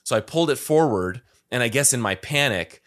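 A man's voice: medium pitch, expressive, brisk, a bit bright. A man co-hosting a podcast, telling a rambling story in casual chat and laughing at himself. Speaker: podcast co-host.

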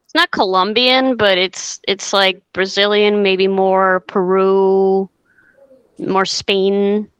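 A woman's voice: medium pitch, flat delivery, slow, clean tone, no room sound, poor audio. A woman co-hosting a podcast, teasing and playful in casual chat. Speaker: podcast co-host.

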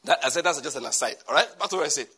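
A pastor with a Nigerian accent preaches a church sermon in a bright, slightly high voice that races along with a breathy edge. He is animated, swinging from stern warnings to joking asides and laughing at his own lines.

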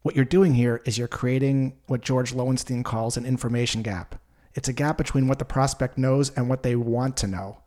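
Calm man teaching sales. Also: medium pitch, normal speed. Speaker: sales trainer. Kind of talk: explanatory sales lesson.

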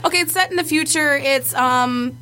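A woman's voice: high voice, normal speed, sharp tone. A woman co-hosting a podcast, chatting casually and animatedly, swearing freely and laughing often. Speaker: podcast co-host. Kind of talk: casual chat.

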